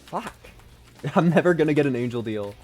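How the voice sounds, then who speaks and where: A man's voice: fairly high pitch, expressive, normal speed, a little mellow, faint music behind. A man streaming a video game from home, giving rambling, self-deprecating, sweary commentary. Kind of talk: casual gaming commentary.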